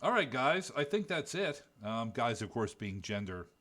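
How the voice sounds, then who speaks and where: A man's voice: mid-range voice, big pitch swings, normal speed, fairly bright tone. A man hosting a casual fantasy football podcast, with a dry, wisecracking way of talking. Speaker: podcast host. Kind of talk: casual chat.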